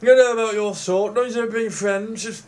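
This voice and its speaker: A man mimicking a fussy, suspicious neighbour who speaks loudly and primly. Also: high voice, fairly even intonation, moderate pace, pitched above the performer's own voice, lightly acted.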